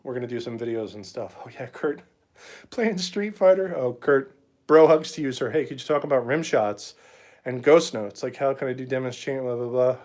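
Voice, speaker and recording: A man's voice: mid-range voice, normal speed, darkish tone. A man, a drum teacher, chatting casually on a live phone stream from a small cluttered drum shed, rambling and reading comments aloud. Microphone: phone mic.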